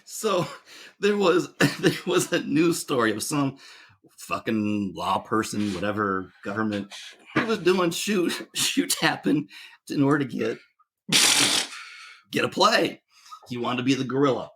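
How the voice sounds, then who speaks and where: A man's voice: medium pitch, very animated, unhurried, pauses often, husky. A man co-hosting a casual podcast, telling a story between giggles. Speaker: podcast co-host. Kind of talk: casual chat.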